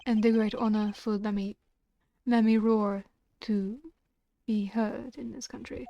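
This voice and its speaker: A woman's voice: fairly high pitch, flat delivery, unhurried, gravelly, mellow, lo-fi sound. A woman doing a stiff, formal foreign manager. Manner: stiff, formal, with a wavering put-on accent. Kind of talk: reading game dialogue aloud.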